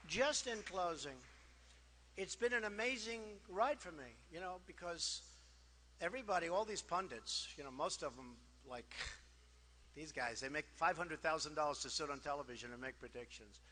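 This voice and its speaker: A man's voice: on the high side, animated, moderate pace, bright, forceful tone. A man giving a campaign rally speech in a boastful, repetitive, conversational way, with many asides. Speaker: political candidate. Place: large rally hall. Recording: long hall reverb from PA.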